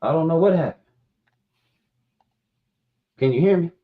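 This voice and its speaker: A man's voice: a little high, lively intonation, a little slow. A man hosting a live stream, chatting casually and telling loose, rambling stories. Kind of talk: casual chat. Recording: dull lo-fi stream audio.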